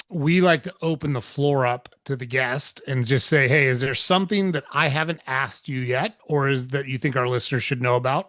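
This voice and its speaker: A man hosting a podcast interview, talking upbeat and quick with filler words. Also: mid-range voice, fairly bright tone, dry recording, studio quality. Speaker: podcast host.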